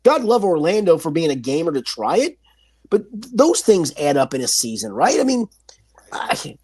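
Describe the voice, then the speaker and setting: A man co-hosting a sports podcast, talking in an animated, emphatic way and often restarting his sentences. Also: on the high side, moderate pace, breathy edge. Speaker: podcast co-host. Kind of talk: casual sports talk.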